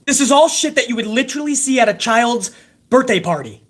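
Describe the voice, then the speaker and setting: A man's voice: very high-pitched, expressive, fairly quick, fairly bright tone. A man hosting a wrestling recap show, ranting in a heated, sarcastic way with constant swearing.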